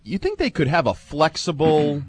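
A man's voice: a little high, wildly swooping pitch, moderate pace, breathy edge. A man co-hosting a sports radio show, chatting casually and animatedly, mimicking others and laughing easily.

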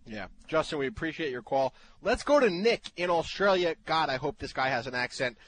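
A man hosting a fantasy football call-in radio show, talking in animated, loud bursts of excitement. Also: fairly high pitch, a little fast.

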